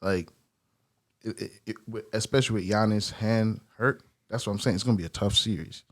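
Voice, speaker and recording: A man co-hosting a casual sports chat, easygoing but quick to argue his picks. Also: lowish voice, fairly even intonation, dry recording. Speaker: co-host.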